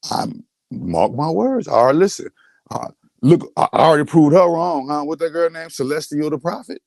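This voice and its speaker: A man's voice: fairly high pitch, animated, normal speed, a little mellow, no echo, clean studio sound. Boastful man ranting on a livestream. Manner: boastful, repetitive, restarts often. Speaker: host. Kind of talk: livestream rant.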